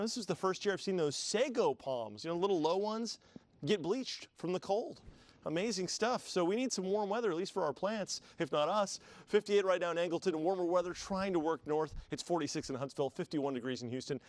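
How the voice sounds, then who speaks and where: A man delivering a live TV weather forecast in a chatty, upbeat way, with easy asides to his colleagues. His voice sits a little high for a man. The studio sound is dry and close. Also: no room sound. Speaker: TV meteorologist.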